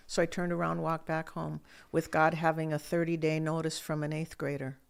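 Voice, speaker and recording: A woman's voice: sits low, level tone, moderate pace, vocal fry, hardly any pauses. A woman sharing a personal faith testimony as an interview guest, telling her story in a vivid, emphatic way.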